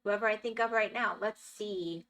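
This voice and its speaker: A woman's voice: medium pitch, moderate pace, a bit bright, far from the mic. A woman streamer chatting casually with her chat while playing a game, thinking aloud as she goes.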